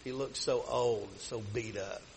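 Folksy pastor telling a story. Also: male voice, medium pitch, steady tone, normal speed, creaky, a little hiss or hum, rough recording. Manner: folksy, rambling with many restarts. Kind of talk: sermon storytelling.

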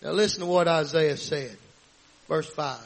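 A man preaching a fervent sermon, often shouting, with frequent amens and hallelujahs. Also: on the high side, normal speed, creaky.

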